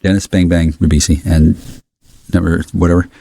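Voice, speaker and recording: A man's voice: deep voice, level tone, moderate pace, gravelly, dark tone, dry recording. A man ranting angrily and rambling, jumping between subjects and cursing a lot. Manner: angry, scattered, cursing. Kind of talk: rambling profane rant to camera.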